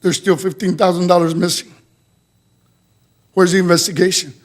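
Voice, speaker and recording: A man's voice: sits high, little pitch movement, moderate pace. A man speaking in public comment at a school board meeting, listing complaints in short clipped statements.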